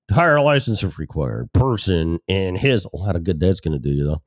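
A man's voice: low voice, animated, fairly quick, few pauses, dry recording, clean studio sound. A man from the Chicago suburbs hosting a talk show, rambling alone at the mic in a sarcastic, profane way and interrupting himself. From Chicago suburbs, Illinois. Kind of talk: solo rambling monologue.

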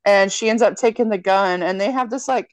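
This woman's medium-pitched voice runs a little fast, with no room sound. She's co-hosting a podcast, casually walking through a film's story with lots of cursing and quotes performed in character.

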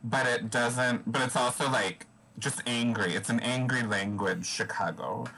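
A man's voice: medium pitch, fairly even intonation, measured pace, creaky, crowd noise, rough recording. A man from the US Midwest co-hosting a podcast in casual chat, chatty and laughing often. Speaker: podcast co-host.

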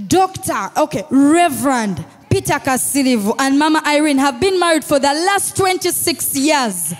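A woman pastor with a Ugandan English accent, preaching a sermon with shouted declarations and call-and-response to the congregation. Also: sits high, animated, normal speed, hardly any pauses. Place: church hall. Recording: long reverb in a large hall with music.

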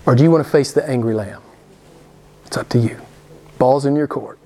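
A man's voice: mid-range voice, brisk, pauses often, mellow. A man preaching a sermon to a small group, emphatic, repeating his key phrases and asking rhetorical questions. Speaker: pastor.

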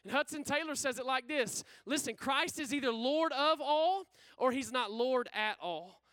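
A man's voice: extremely high pitch, moderate pace, smooth, no echo. A man preaching a sermon with energy and casual slang, calling out questions for the congregation to answer. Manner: energetic, call-and-response with the congregation.

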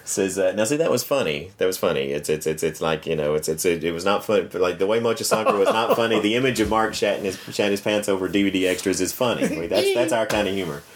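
Very deep-voiced male podcast host. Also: quick pace, few pauses, a little hiss or hum. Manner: chuckling, agreeable, frequent "mm-hmm". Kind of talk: casual chat, reading listener mail.

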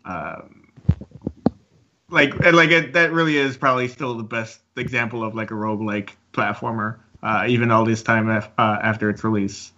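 Bright-voiced man, casual game podcast host. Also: on the low side, steady tone, moderate pace, muffled recording. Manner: rambling with many fillers and laughs. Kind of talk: casual chat.

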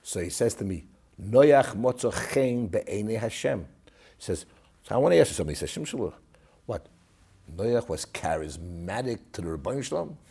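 Animated husky man telling a story. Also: lowish voice, normal speed. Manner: animated storytelling, swings from loud to hushed. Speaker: guest recalling his father. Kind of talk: storytelling interview.

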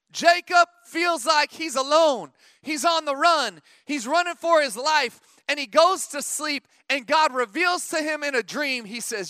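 High, bright-voiced man preaching a sermon. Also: measured pace, dry recording, studio quality. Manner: conversational preaching, rising to emphatic calls to the congregation. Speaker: pastor. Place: church.

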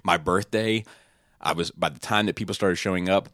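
A man's voice: deep voice, fairly quick, fairly bright tone, no room sound, studio quality. A man in his thirties hosting a podcast, telling a long rambling party story full of fillers and swearing. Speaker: podcast host. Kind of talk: casual podcast chat.

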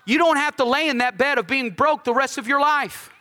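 Bright, high-voiced male preacher in a big hall. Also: brisk. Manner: lively, conversational preaching with humor and asides; repeats key lines for emphasis. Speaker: pastor. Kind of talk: sermon.

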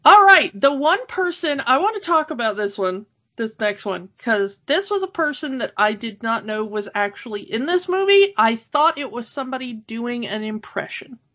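A woman's voice: a little high, lively intonation, moderate pace, hardly any pauses, pushed and bright. A woman in her thirties co-hosting a podcast, chatting casually and laughing often. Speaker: podcast co-host. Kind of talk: casual chat. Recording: dull lo-fi sound.

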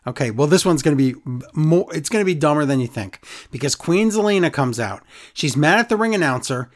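A man's voice: fairly high pitch, lively intonation, fairly quick. Sarcastic man recapping wrestling. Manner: sarcastic, exasperated. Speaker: podcast co-host. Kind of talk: casual wrestling recap chat.

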